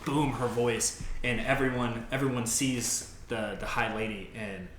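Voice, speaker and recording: A man's voice: mid-range voice, steady tone, measured pace, fairly bright tone, reverberant, slight background noise. A man acting as game master, narrating a tabletop game in a loose, descriptive way with many fillers.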